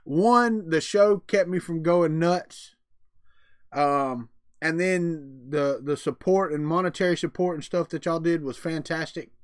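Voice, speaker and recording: A man's voice: a little high, unhurried, no echo. Folksy man, dry close sound. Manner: chatty, folksy, answers chat between thoughts. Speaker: livestream host. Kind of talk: casual live-stream chat.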